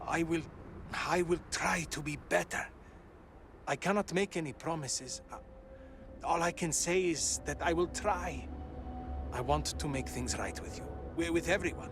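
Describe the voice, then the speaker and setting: A gruff, rueful drinker. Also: male voice, on the high side. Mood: earnest. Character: rough, hard-drinking male brother, proud. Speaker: game character. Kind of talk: video game voice acting.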